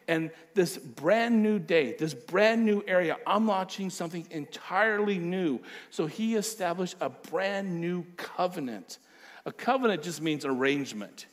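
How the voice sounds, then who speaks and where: Guy preaching a sermon, kinda high voice, repeats stuff for emphasis. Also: animated, unhurried. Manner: emphatic preaching with repeated phrases and acted-out quotes. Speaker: pastor.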